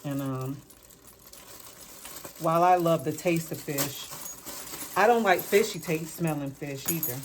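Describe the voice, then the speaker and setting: Woman, lowish voice, casual cooking vlog, rambling talk, doubles up words for emphasis, home kitchen, faint background hiss. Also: a little slow, pauses often. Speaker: home cook vlogger.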